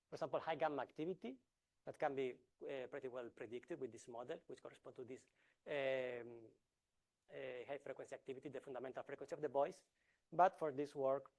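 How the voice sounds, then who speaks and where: Hesitant man giving a science lecture. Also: on the high side. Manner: halting, frequent filler sounds and restarts; explanatory, paced with deliberate pauses. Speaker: researcher presenting a talk. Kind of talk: academic lecture.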